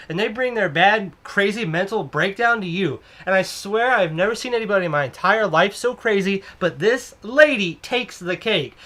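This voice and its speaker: Excitable young man with a bright voice. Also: sits high. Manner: excitable, exaggerated, rambling. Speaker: comedic vlogger playing a cashier. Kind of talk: comedic storytelling monologue.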